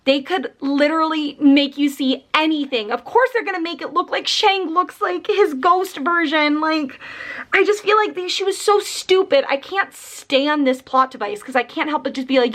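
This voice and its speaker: High-voiced young woman ranting about books. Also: normal speed. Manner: animated, many fillers, exasperated rants. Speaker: book vlogger. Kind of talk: casual chat.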